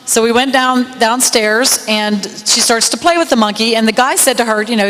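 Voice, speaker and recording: A woman emcees a county fair queen contest, spinning a chatty story with easy laughter. Her voice sits a little high. It rings out through a reverberant fair PA, heard from a distance. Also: fairly even intonation, a little fast, hardly any pauses, fairly bright tone. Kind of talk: storytelling at a podium. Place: outdoor fair stage with PA system.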